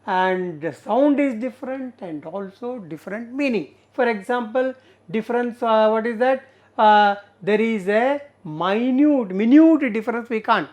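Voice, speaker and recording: A woman with an Indian English accent teaching an English lesson, explaining slowly with many fillers and repeated words. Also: on the high side, darkish tone. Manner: slow, repetitive explaining with frequent fillers. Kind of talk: recorded classroom lesson.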